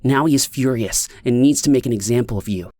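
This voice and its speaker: A man's voice: mid-range voice, fairly quick, a little mellow, dry recording, natural voice. Brief: a man doing a curt, smug pregnant woman for an audiobook, slightly raised voice, dry sound. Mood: urgent. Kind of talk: audiobook character voice.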